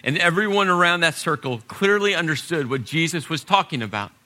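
A male pastor preaching a sermon, dramatic, shifting between loud and hushed passages and acting out quotes. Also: fairly high pitch, lively intonation, a little fast.

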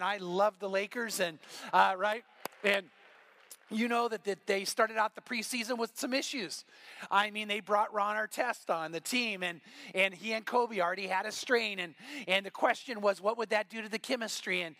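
A male pastor preaching a sermon, telling stories with lively acted-out quotes. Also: high voice, no room sound. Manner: animated storytelling with acted quotes. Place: church.

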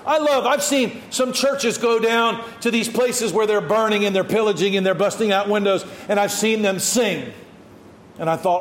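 A male pastor preaching an impassioned sermon, shouting at peaks and dropping to quiet asides. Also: sits high, moderate pace, echoey room, slight background noise.

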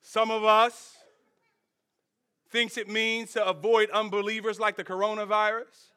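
A male pastor preaching a sermon in an animated, conversational way, calling out to the congregation. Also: high voice, unhurried, smooth.

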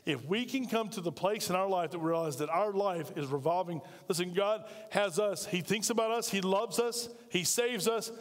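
A man's voice: sits high, normal speed, hardly any pauses, long reverb tail. A man preaching a sermon as pastor, talking conversationally and drawing call-and-response from his congregation in a large church. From United States.

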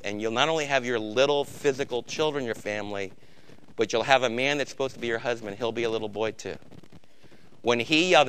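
A middle-aged man preaching to his congregation in a bright, ringing voice that stays clear and smooth. He swings between loud, emphatic bursts and quiet, intense stretches. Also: mid-range voice. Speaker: pastor. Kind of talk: sermon.

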